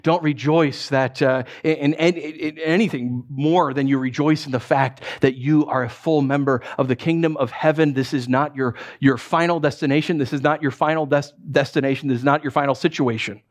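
A middle-aged pastor preaches a sermon through animated storytelling, full of restarts and acted-out asides. He speaks with a fairly high pitch at a moderate pace, pausing little.

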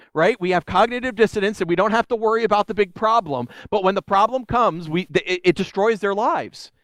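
Man, high-pitched, casual animated preacher, dry close sound. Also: no echo. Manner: animated storytelling, voices quotes. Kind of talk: conversational sermon.

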